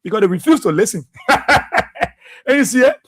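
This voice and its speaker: A man's voice: sits high, lively intonation, very fast. Fiery Liberian man on talk radio. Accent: Liberian English. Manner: fiery, repetitive, preacher-like delivery. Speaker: radio talk show host. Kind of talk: impassioned political commentary.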